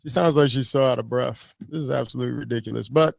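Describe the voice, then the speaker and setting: A man's voice: medium pitch, fast talker, vocal fry, no room sound, studio quality. A man, a pastor, giving blunt, preachy commentary on videos.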